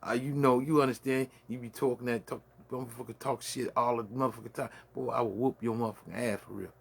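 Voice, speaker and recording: A man's voice: mid-range voice, steady tone, quick pace, vocal fry, slightly rough. A man with a Brooklyn accent hosting a late-night solo rant from his man cave, full of boastful, profane trash talk. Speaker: host.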